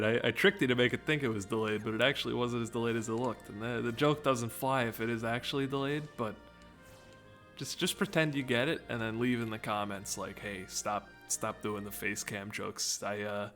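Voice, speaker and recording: A man's voice: on the low side, fairly bright tone. Rambling, joking gaming commentator man. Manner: rambling, joking, self-interrupting. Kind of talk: casual let's-play commentary.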